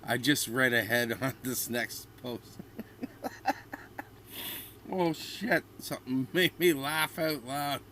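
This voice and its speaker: A man's voice: mid-range voice, a little slow, hardly any pauses, pushed and bright, slight background noise. A man in his fifties ranting bluntly and ramblingly as a vlogger. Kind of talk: ranting commentary.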